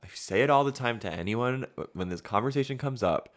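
A man's voice: mid-range voice, brisk. A young man co-hosting a podcast, telling a story with plenty of laughter. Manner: animated, laughs often while telling a story. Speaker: podcast co-host. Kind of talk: casual chat, storytelling.

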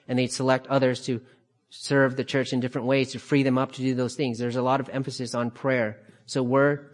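A man teaching a Bible study, calmly explaining passages and repeating key phrases for emphasis. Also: mid-range voice.

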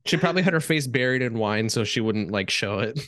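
A man who is a podcast guest, trading blunt, profane reactions in a casual chat about a movie. He speaks at a middle pitch. The recording is dry and close-miked. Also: expressive, a little fast, a bit bright, no room sound. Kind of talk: casual film review chat.

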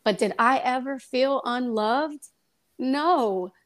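A woman's voice: high voice, takes it slowly. Young woman telling a heartfelt story. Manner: lively storytelling, acts out quoted dialogue. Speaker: guest. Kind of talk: casual faith testimony.

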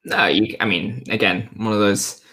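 A man hosts a relaxed sports chat, his somewhat low voice ringing bright and forward. He keeps stalling with ums and trying his phrasing again as he goes. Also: normal speed, breathy edge. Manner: hesitant, lots of ums and restarts. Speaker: host. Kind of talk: casual interview.

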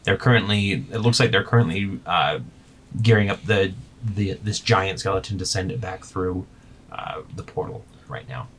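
A man running a tabletop game as game master, narrating in a halting way with many fillers. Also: sits low. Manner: halting, filler-heavy narration with soft asides.

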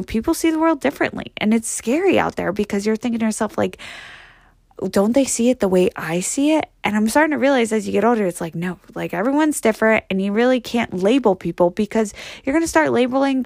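A woman's voice: on the high side, gravelly, a little mellow, no echo. Young woman hosting a solo podcast; blunt and profane, rambling with fillers, dry close sound. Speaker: podcast host. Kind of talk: casual solo monologue.

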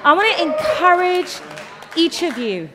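A woman pastor preaching a passionate sermon in a large church hall, swinging from hushed tones to loud declarations. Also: very high-pitched, sing-song, measured pace, very noisy. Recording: long hall reverb.

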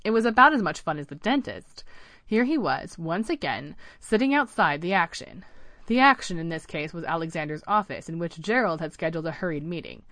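A woman narrating a holiday story in a calm, measured way. Her voice is on the low side, recorded close and dry with no room sound. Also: no room sound. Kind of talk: scripted narration of a children's story.

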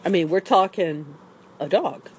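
A woman's voice: on the low side, animated, a little slow, a little mellow, slight background noise. A woman talking upbeat and rambling in a casual outdoor morning vlog, with an allergy cough. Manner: rambling and upbeat, with small restarts. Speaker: vlogger. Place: outdoors with dry leaves on the ground.

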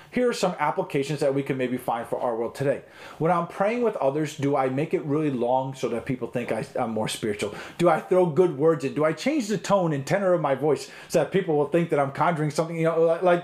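A middle-aged man teaching as a pastor in a recorded online talk, earnest and conversational, with frequent ums and restarts. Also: on the high side.

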